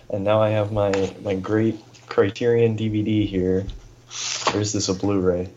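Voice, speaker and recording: A man on a casual film podcast, talking haltingly with many pauses and restarts. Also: lowish voice, flat delivery, dull audio, background noise. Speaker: podcast co-host. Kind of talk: casual film review chat.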